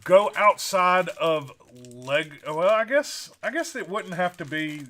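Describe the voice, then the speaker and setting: A man's voice: high-pitched, animated, takes it slowly, bright, forceful tone. A man co-hosting a casual building live stream, easygoing, reading chat comments with rambling asides.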